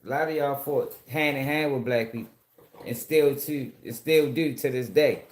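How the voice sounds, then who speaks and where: A man's voice: medium pitch, normal speed, reverberant, a little hiss or hum. A man from Baltimore with a Baltimore accent, hosting a casual live-stream commentary show, profane and answering chat comments directly.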